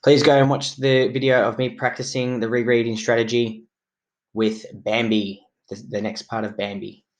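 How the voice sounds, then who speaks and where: A male primary school teacher giving a slow, clear, encouraging recorded reading lesson to children, recorded in a classroom. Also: medium pitch, little pitch movement.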